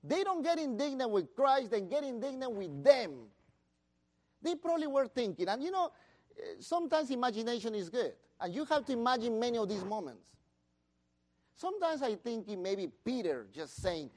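Lively high-voiced male preacher. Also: normal speed. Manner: animated storytelling, acts out disciples' voices. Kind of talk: sermon.

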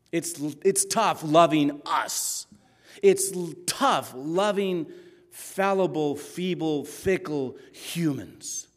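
High-voiced male preacher in echoing hall. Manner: dramatic, swings between hushed and loud; argues with imagined listeners. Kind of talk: sermon. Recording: long hall reverb.

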